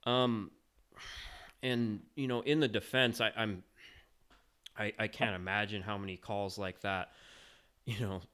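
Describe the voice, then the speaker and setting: Smooth low-voiced male podcast host. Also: fairly even intonation, measured pace, pauses often, pushed and bright. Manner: rambling, hesitant, many restarts. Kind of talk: casual interview chat.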